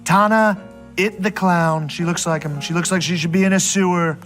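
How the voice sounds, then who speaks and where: A man's voice: high-pitched, fairly even intonation, moderate pace, a bit bright, soft background music. A man playing a boastful older male president in a comedy sketch, rambling through blunt insults.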